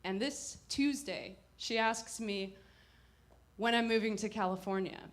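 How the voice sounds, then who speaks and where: A woman telling a personal story at a live performance, wry and reflective, with halting pauses. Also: mid-range voice. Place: live performance before an audience.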